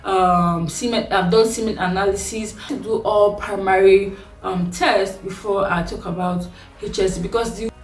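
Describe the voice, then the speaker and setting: A young Nigerian woman vlogger telling a personal story, animated and laughing often, her voice swinging sharply in pitch. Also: normal speed. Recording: echoey room, voice a bit far from mic, faint music.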